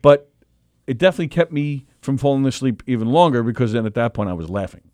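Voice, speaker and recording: Animated man rambling on radio. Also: mid-range voice, quick pace, dry recording. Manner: rambling, animated storyteller with frequent restarts. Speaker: radio comedy show co-host. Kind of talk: casual radio banter. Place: radio studio.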